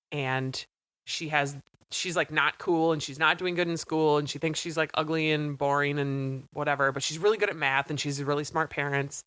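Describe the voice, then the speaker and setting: Woman, thirties, low voice, dry close sound, casual podcast chat, animated. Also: no room sound. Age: 30s. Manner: chatty, animated retelling with acted-out quotes. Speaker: podcast co-host. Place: small studio.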